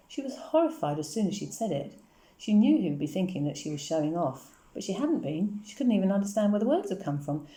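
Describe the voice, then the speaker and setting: A woman reading a novel aloud in a measured, gently expressive way. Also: fairly low pitch. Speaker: audiobook reader. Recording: roomy echo.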